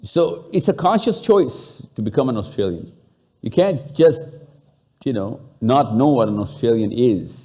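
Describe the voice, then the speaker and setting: A man with a Pakistani accent leads a live session, bantering and questioning people in the room. His voice is mellow and mid-pitched, and he slips into Urdu and Hindi between English lines. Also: expressive, a little slow. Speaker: speaker. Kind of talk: live talk to an audience.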